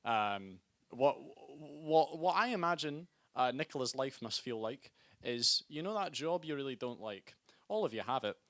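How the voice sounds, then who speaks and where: A young Scottish man compering a student stand-up show, with a bright, forceful voice. He talks in a chatty, self-mocking way and breaks into loud calls to hype the crowd. The sound is dry and close, with little room echo. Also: medium pitch, expressive, normal speed. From Scotland. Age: young adult. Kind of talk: live stand-up comedy. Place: student comedy night venue.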